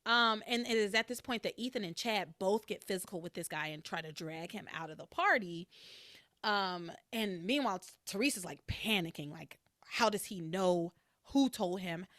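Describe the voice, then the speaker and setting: A woman hosting a podcast, recapping in casual chat and acting out quoted lines with big jumps in pitch. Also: moderate pace, a bit bright, no room sound, clean studio sound. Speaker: podcast host.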